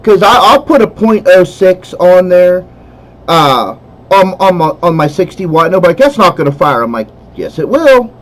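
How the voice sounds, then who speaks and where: A man with a notably high voice hosting a casual podcast. He is laid-back and agreeable and swears in passing. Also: big pitch swings, moderate pace, rough recording. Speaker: podcast host.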